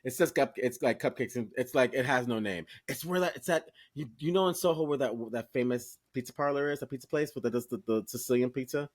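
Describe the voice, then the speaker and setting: Animated storytelling man co-hosting a podcast. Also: medium pitch, quick pace, few pauses. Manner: animated storyteller who acts out quoted voices; chatty, swears freely, addresses listeners as y'all. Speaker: podcast co-host. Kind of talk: casual chat.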